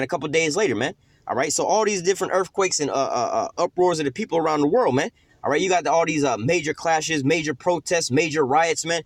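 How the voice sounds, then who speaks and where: A man's voice: fairly high pitch, no room sound. A young man, giving a loose, rambling scripture teaching full of slang and cursing. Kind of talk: informal sermon.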